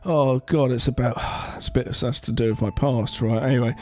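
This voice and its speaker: A man mimicking a weary young woman student dodging the press, in a sarcastic deadpan way. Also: mid-range voice, normal speed, lightly acted.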